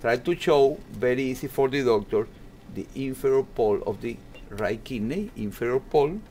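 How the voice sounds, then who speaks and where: A man giving a calm, step-by-step ultrasound demonstration in an exam room, with non-native English phrasing. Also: mid-range voice, normal speed, slight background noise. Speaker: ultrasound instructor.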